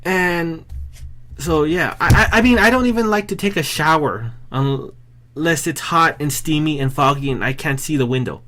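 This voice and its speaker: Rambling, self-deprecating man, slightly high voice. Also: moderate pace, noisy background. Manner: rambling, self-deprecating, restarts sentences often. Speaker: vlogger. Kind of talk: casual rambling vlog monologue.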